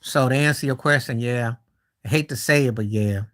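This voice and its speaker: Talking basketball on his live stream, a man with a mid-range, fairly bright voice speaks a bit fast in a loose, casual way. He keeps trailing off and restarting, peppering in asides of disbelief.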